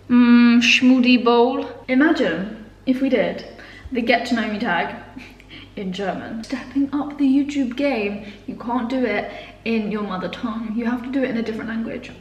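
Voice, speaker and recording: A young Englishwoman with an English accent, vlogging casually at home and slipping into slow, halting beginner German. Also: a little high. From England. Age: young adult. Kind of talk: casual vlog chat. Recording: roomy, echoey room sound.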